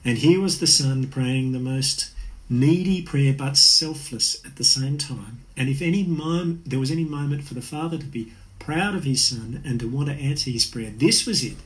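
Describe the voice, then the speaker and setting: A man's voice: mid-range voice, moderate pace, rough recording. Aussie pastor guy preaching, earnest and chatty, ums here and there. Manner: earnest, conversational preaching with fillers. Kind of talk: sermon.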